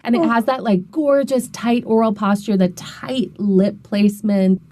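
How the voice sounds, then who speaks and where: A woman's voice: medium pitch, steady tone, measured pace, dark tone, no echo. A woman accent coach, a guest in casual chat, who talks enthusiastically and laughs often.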